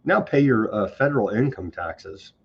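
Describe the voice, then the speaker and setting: This man's lowish, gravelly, husky voice is expressive and moves at a moderate pace, though the audio is dull. As host of a news commentary show, he reads on-this-day entries and lampoons them with heavy sarcasm and scorn for government.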